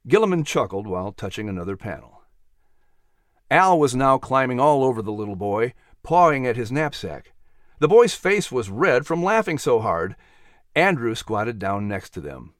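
A man narrating a storybook in an expressive, animated way. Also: mid-range voice, moderate pace, dry recording, clean studio sound.

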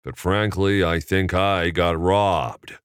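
A man's voice: low-pitched, steady tone, takes it slowly, smooth, no echo, studio quality. A man voicing a laid-back middle-aged film star who speaks in a lazy drawl.

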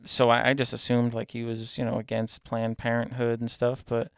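A man's voice: medium pitch, monotone, moderate pace, smooth, no room sound, studio quality. A man co-hosting a podcast in casual chat, talking emphatically and asking pointed questions. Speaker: podcast co-host.

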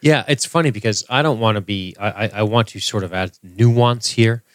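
A man with a fairly low voice in casual podcast talk, blunt and wry with plenty of swearing. The sound is dry and close, with no room echo. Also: moderate pace. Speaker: podcast co-host. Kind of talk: casual chat.

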